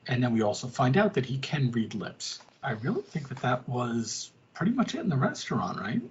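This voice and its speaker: A man co-hosting a casual podcast, retelling scenes in an animated way and dipping into quick voices for the people he describes. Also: mid-range voice, lo-fi sound, slight background noise. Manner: animated storyteller, quick asides in character voices. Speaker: podcast co-host. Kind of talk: casual chat.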